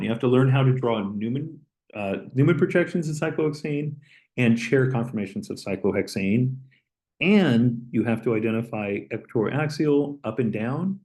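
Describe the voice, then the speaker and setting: A man lecturing, explaining step by step as he draws and pausing on an occasional "okay". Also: mid-range voice, a little mellow, poor audio. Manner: plain, step-by-step explaining with okays. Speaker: chemistry lecturer. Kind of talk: recorded lecture while drawing.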